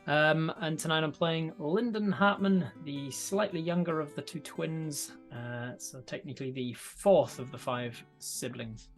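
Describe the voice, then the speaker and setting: A man introduces himself on a live game stream in a slightly high voice. He sounds friendly and promotional, speaking in quick bursts, with soft music behind. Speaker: player and game master. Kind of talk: casual stream self-introduction.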